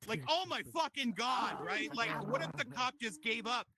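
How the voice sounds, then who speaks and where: A man's voice: extremely high pitch, normal speed, husky. A man performing stand-up comedy, swearing freely and working the crowd with lots of energy. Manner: profane, energetic crowd work. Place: virtual reality comedy club.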